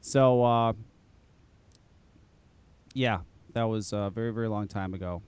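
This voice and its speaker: A man's voice: on the low side, measured pace, a little mellow, clear, resonant tone. A man hosting a live online show, chatting casually, laughing often and swearing freely. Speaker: podcast host.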